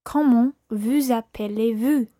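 Mellow Scottish woman repeating phrases. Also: a little high, a little slow, no echo, clean studio sound. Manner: repeats phrases after the teacher. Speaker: lesson partner.

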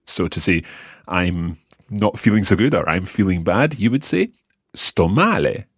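A man with a very deep, slightly husky voice teaches a language lesson. His pitch moves a lot as he explains patiently and sounds out each word slowly. The recording is dry and close, with no room sound. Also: lively intonation, no room sound.

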